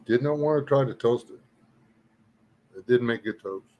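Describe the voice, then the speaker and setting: A man's voice: mid-range voice, normal speed, dull audio. A middle-aged man from Louisiana with a Southern accent, hosting a casual chat and telling rambling, folksy stories with frequent laughter. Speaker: host.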